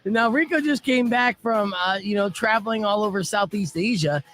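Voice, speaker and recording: A man's voice: sits high, normal speed, fairly bright tone. A man hosting a morning radio show, chatting casually in a teasing, upbeat way with plenty of "uh" fillers, in a studio. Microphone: studio microphone.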